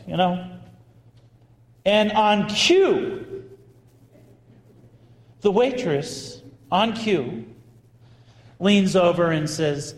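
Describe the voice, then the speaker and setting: A man, a priest, telling a story in a sermon in an animated, conversational way with bursts of emphasis. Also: high-pitched, drawn-out words, pauses often. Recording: echoey hall with long reverb.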